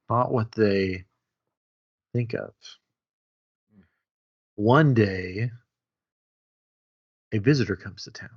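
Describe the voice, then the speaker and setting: A man's voice: fairly low pitch, dull audio. A man hosting a comedy game show, telling an improvised story with lots of laughter. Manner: animated, laughing, puts on voices. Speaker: host.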